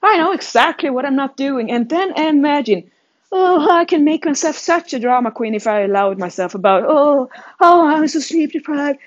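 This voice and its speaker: A woman coach muses aloud in a loose, self-mocking monologue, stumbling over restarts and laughing at herself. Her voice sits fairly high. The recording sounds dull and lo-fi. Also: lively intonation, normal speed. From Sweden. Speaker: fitness coach. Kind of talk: casual self-reflective monologue.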